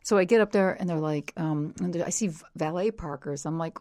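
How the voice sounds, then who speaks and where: Middle-aged woman comedian, low voice, crude animated storyteller, dry mic. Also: fairly quick, no room sound. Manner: profane, animated storyteller with frequent restarts. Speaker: comedian guest. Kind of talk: casual storytelling interview.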